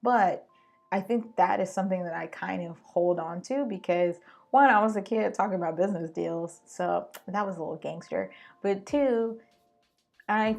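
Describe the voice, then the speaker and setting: A woman hosting a solo podcast, talking straight to her listeners in an animated, slangy way. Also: medium pitch, normal speed, vocal fry, soft background music. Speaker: podcast host.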